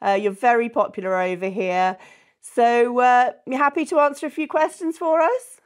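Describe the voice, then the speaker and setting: A woman's voice: a little high, normal speed. A woman hosting an interview, introducing her guest and asking questions in an enthusiastic, chatty way. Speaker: interviewer, festival host.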